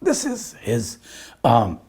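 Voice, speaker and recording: A husky-voiced man tells a personal story in an interview, with his pitch swinging lively up and down. He trades quoted lines back and forth as he goes, and he sounds a little emotional. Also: slow pace. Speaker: interviewee recalling a friend.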